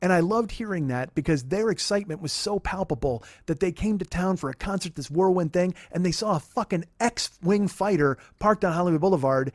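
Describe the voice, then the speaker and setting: A comedian in his forties hosts his podcast with a sarcastic, profane storytelling manner. His voice sits high and his words tumble out fast, close on a dry mic with no room sound. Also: no echo. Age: 40s. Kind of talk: comic storytelling monologue.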